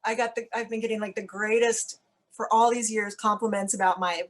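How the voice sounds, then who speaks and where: A woman's voice: mid-range voice, steady tone, brisk. A woman from the United States, an actress, chatting as an interview guest in a rambling way, full of "like"s and self-corrections, with wry, blunt humor. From United States (Cincinnati). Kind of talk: casual chat.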